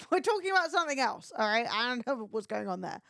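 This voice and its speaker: A woman's voice: on the high side, vocal fry, fairly bright tone, no room sound, clean studio sound. A young woman streaming, retelling gossip in a sweary, chatty way. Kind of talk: casual livestream chat.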